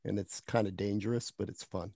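A man's voice: on the low side, fairly quick, gravelly, no room sound, studio quality. A man in a casual podcast chat, talking playfully about his writing with plenty of fillers. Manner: animated, playful, drawn out with fillers. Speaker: author, podcast guest.

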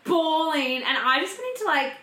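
A woman's voice: high-pitched, big pitch swings, moderate pace, bright, forceful tone. A young woman, casually telling a story as a podcast co-host, full of fillers and swearing. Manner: chatty, filler-heavy, swears freely. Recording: roomy echo.

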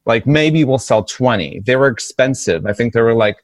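A man's voice: medium pitch, normal speed, no room sound. A man in his forties, a podcast guest, telling a story in a casual way and acting out the voices he quotes. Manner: animated, acts out quoted voices. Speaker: streetwear brand founder, podcast guest. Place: podcast studio.

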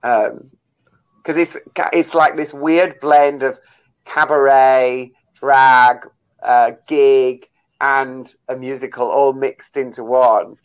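A stage actor as a guest on a radio chat, talking casually and with enthusiasm, with many fillers. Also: male voice, medium pitch, fairly even intonation, slow pace, clear, resonant tone, lo-fi sound.

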